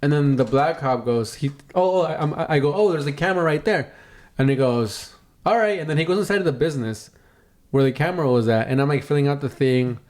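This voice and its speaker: A young man with a fairly high voice tells a rambling story on a podcast. He swears freely and slips into quick impressions of the people he met. The talk is loose and casual. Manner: animated storyteller, swears often, acts out quoted voices. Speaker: podcast co-host.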